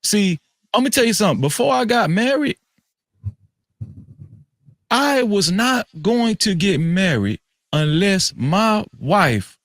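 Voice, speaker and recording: A man on a podcast panel, lecturing and swinging from low murmurs to shouts. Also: sing-song, slow pace, pauses often, no room sound, studio quality. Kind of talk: heated panel talk. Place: live-stream podcast studio.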